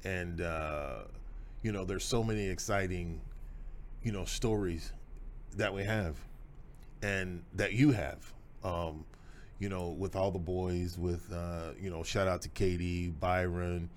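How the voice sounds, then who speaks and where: A middle-aged man hosts a podcast conversation, his voice sitting very low. He tells his stories in a folksy, emphatic way. A faint hiss runs under the recording. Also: fairly even intonation, slow. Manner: folksy, emphatic, proud father telling stories. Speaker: host.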